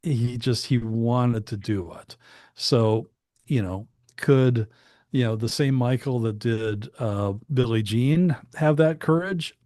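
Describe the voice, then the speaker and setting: An older man in his sixties tells studio stories at an easy, wandering pace, circling back to his points. His voice sits at an ordinary middle pitch and comes across close and dry, with no room sound around it. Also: slow pace, dry recording. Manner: anecdotal, relaxed, rambling storyteller. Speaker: guest, studio engineer. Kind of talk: casual storytelling interview.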